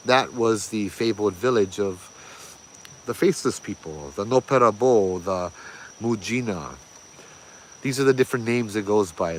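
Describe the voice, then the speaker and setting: A man's voice: fairly low pitch, slight background noise. Hawaiian Pidgin man telling ghost stories. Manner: animated, laughing, pidgin phrasing. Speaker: ghost story host. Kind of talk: casual storytelling.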